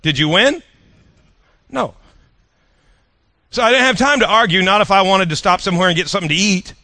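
A man's voice: sits high, a little fast, sharp tone, no room sound. A man preaching a sermon, telling stories in a folksy, conversational way and asking the audience questions. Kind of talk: sermon storytelling.

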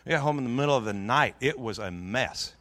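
A middle-aged man preaching in a church, telling a long personal story in a jokey, lively way with many restarts. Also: mid-range voice, brisk, no room sound. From Pacific Northwest of the US. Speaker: pastor. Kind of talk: storytelling sermon.

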